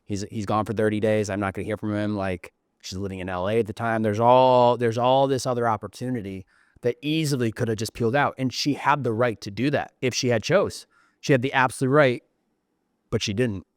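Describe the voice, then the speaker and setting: A man's voice: mid-range voice, brisk, no echo, studio quality. A man hosting an interview podcast, reflecting back on his guest's story in an earnest, affirming way. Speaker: podcast host, coach.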